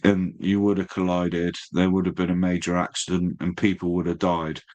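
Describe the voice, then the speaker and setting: A man's voice: low-pitched, flat delivery, normal speed, a little mellow, muffled recording. A man chatting casually as a stream host, laid-back, swearing freely and calling people mate. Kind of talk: casual chat.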